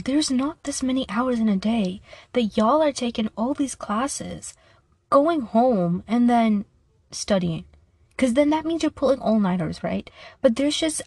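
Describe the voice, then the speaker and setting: A woman's voice: on the high side, darkish tone, no echo. Playful, rambling young woman podcaster. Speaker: podcast host. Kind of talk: casual solo chat.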